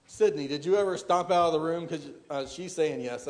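A man's voice: a little high, brisk, darkish tone. Man preaching in a reverberant hall. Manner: rhetorical questions to the congregation, frequent restarts. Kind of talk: sermon.

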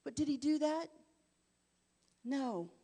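High-voiced woman preaching with fervor. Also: lively intonation, takes it slowly. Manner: dramatic, swings from hushed to shouting. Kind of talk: sermon.

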